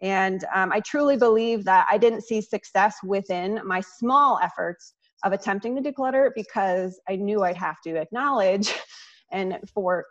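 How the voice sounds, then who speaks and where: A woman decluttering coach speaks as a podcast guest. She is earnest and reflective, with a middle pitch and small laughs. Her audio is slightly dull and muffled. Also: normal speed. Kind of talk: casual conversation.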